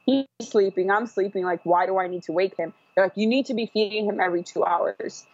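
A woman's voice: mid-range voice, a little fast, no echo. A woman telling her own story as a podcast guest, rambling with fillers and restarts. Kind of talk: casual personal storytelling. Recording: dull, dry podcast audio.

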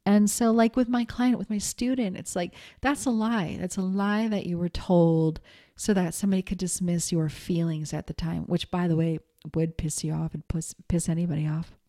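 A woman's voice: lowish voice, steady tone, normal speed, warm tone. A middle-aged woman giving a candid, chatty self-help talk as a coach, with plenty of ums.

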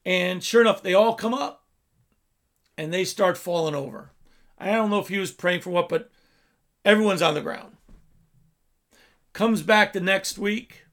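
A man preaching a sermon, telling a story with his voice swelling loud and dropping low. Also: unhurried, pauses often.

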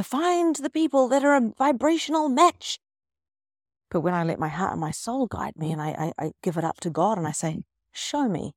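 A middle-aged woman coach, talking in an emphatic, expressive way and acting out the people she quotes. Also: mid-range voice, no room sound, clean studio sound. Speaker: spiritual coach. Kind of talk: casual motivational monologue.

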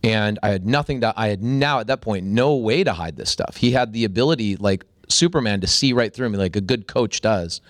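A man's voice: on the low side, fairly quick, hardly any pauses, no echo, studio quality. Man telling a story on a podcast. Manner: animated storyteller, voice jumps up when excited. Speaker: podcast guest.

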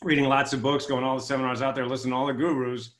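Racing through his stories, a man who writes books and gives keynotes speaks enthusiastically as an interview guest. His voice shows little pitch movement generally but climbs when he acts out quotes, and the recording is reverberant.

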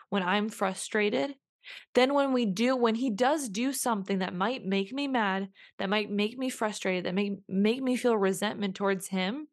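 Earnest young woman podcast host. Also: medium pitch. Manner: earnest, repetitive, emphatic with many restarts. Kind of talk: reflective solo podcast talk.

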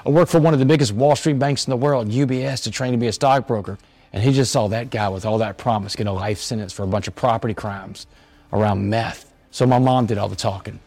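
Fast-talking man telling his story. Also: medium pitch, a little mellow. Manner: earnest, quotes others in their voices. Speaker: motivational speaker. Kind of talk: storytelling speech. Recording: faint music underneath.

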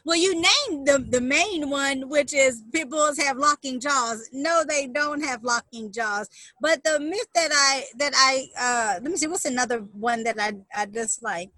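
A woman's voice: high-pitched, a little slow, sharp tone, no echo, rough recording. A woman dog trainer telling a story as an interview guest, emphatic and acting out what people said. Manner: emphatic, re-enacts quotes with rising intensity.

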